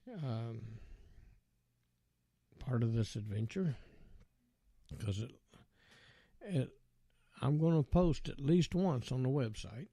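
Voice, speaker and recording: Gravelly, mellow man rambling casually. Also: medium pitch, no room sound, studio quality. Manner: rambling and folksy, with many fillers. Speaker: podcast host. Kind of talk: casual monologue.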